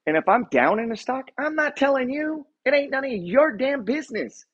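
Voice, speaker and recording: Man, husky, animated pitch, profane motivational rant, lo-fi sound. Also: normal speed. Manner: blunt, profane, emphatic. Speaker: investor and real estate buyer. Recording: dull lo-fi recording.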